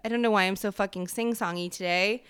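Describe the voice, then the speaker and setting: A woman hosts a solo podcast from her kitchen, rambling in a candid, self-mocking way and swearing freely. Her voice is smooth and clear, sitting in a middle register. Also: medium pitch, steady tone, quick pace, a bit bright. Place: home kitchen.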